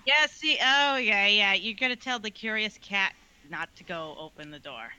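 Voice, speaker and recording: A woman's voice: mid-range voice, moderate pace, bright, forceful tone, smooth, muffled recording. A woman playing in a tabletop game, hesitant and full of fillers. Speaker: player. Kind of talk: casual tabletop play.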